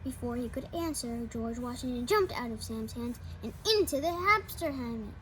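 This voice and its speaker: Lady reading a kids picture book out loud, high voice, little slips, faint room hum. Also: expressive, moderate pace, poor audio. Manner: reads with slips and restarts, adding small asides. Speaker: storybook reader.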